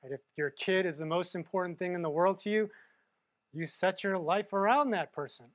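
Male pastor, casual sermon delivery, higher pitch, constant "right?" tags. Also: moderate pace, no echo. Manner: conversational, keeps asking "right?".

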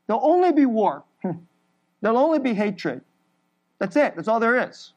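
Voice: mid-range voice, sing-song, a little slow, long pauses, muffled recording. Preacher, sermon, emphatic, repeated building phrases, short laughs between points.

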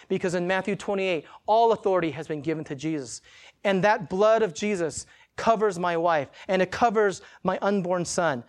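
Pastor telling an animated sermon story. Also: male voice, high voice, moderate pace. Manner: animated storytelling, casual, acts out quotes. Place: church.

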